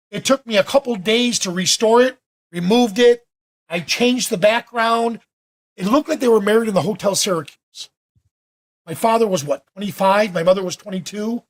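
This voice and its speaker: A man teaching photo editing during a live video-call session, talking in a chatty, animated way with frequent restarts. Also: high voice. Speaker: photography workshop instructor. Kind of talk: live online Q&A demo.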